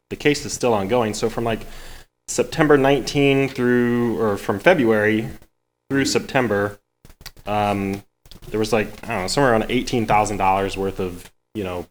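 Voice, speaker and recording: A man serving as a city councilmember, asking questions at a meeting in a halting way, with many fillers. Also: fairly low pitch, rough recording.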